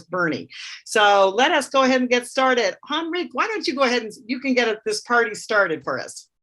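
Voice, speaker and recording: A woman hosting an online networking meeting over a video call, upbeat and brisk as she calls on each guest. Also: medium pitch, a bit bright. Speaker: host.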